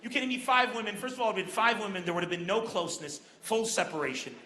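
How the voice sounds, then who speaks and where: A man from Lebanon doing a brash, animated stand-up comedy set on an outdoor festival stage, speaking into a stage microphone. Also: high voice, rapid-fire, a little hiss or hum. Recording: echoey open-air stage with crowd.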